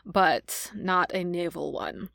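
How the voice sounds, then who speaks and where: A woman's voice: fairly low pitch, slow, gravelly, fairly bright tone, no echo. A woman co-hosting a podcast in casual chat, playfully quizzing her co-host. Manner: playful quizzing, frequent laughs.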